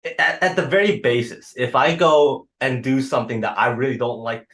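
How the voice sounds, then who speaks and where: A man's voice: medium pitch, normal speed, fairly bright tone. A man hosting an interview show, talking hesitantly, repeating words and ending points with "right?". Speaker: podcast host. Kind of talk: conversational interview.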